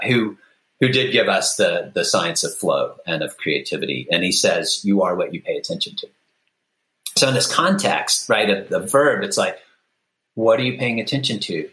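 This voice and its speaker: A man's voice: lowish voice, bright, forceful tone, roomy sound, low-quality recording. A man speaking as a guest author on a podcast, reflective and thinking aloud with fillers. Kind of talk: conversational podcast interview.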